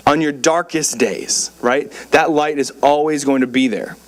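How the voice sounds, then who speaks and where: A man's voice: fairly high pitch, measured pace. A young man preaching a casual sermon in a church, with lots of fillers and repeated words. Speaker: pastor.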